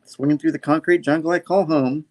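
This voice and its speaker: A man voicing a wisecracking young superhero in a quick, breezy tone. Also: fairly high pitch, fairly even intonation, a little mellow, pitched above the performer's own voice, lightly acted. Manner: breezy, joking.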